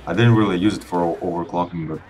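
Low-voiced young man reviewing his gaming PC. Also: fast talker. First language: Russian. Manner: relaxed, rambling, chatty with small restarts. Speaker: PC gaming channel host. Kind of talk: casual gameplay voice-over review.

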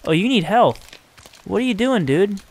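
A man giving excitable, exasperated gameplay commentary and laughing often as he plays. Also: sits high, normal speed, slightly rough. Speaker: let's play host.

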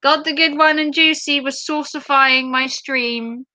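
A woman's voice: high-pitched, fairly even intonation, unhurried, pushed and bright, no room sound. A woman hosting a live stream, reading out viewer comments in a giggly, playful chat. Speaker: livestream host.

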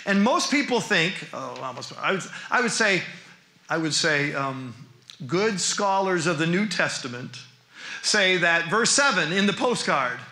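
Fields: Man, high sharp voice, roomy hall. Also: a little slow. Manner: animated, with frequent rhetorical questions. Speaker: New Testament professor. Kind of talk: church teaching lecture. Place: church hall.

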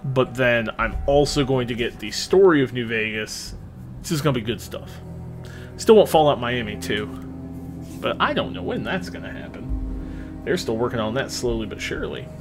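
A young man casually commenting on his gameplay, chatty and excitable, swearing freely as he plays. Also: mid-range voice, moderate pace, faint music behind. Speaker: let's play host.

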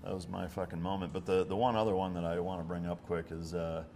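A former Navy SEAL telling war stories in casual chat, swearing freely and acting out what others said. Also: male voice, deep voice, quick pace, a little hiss or hum. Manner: profane, animated, bursts into loud acted-out quotes. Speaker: former Navy SEAL instructor, podcast guest.

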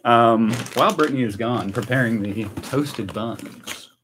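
An American man chatting casually and excitedly on a live stream while tasting snacks. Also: mid-range voice, measured pace, slight background noise. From United States. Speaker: vlogger.

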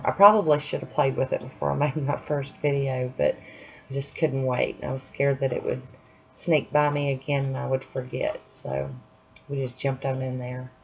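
A woman's voice: a bass voice, vocal fry, a little mellow. A woman chatting casually through a nail art tutorial at home, apologetic and self-deprecating as she works. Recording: dull lo-fi sound, faint hiss.

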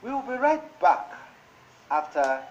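A woman teacher with a Nigerian accent giving a broadcast classroom lesson, slowly dictating example words one at a time. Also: mid-range voice, big pitch swings. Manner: slow, deliberate word-by-word dictation. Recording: dull lo-fi broadcast audio with faint noise.

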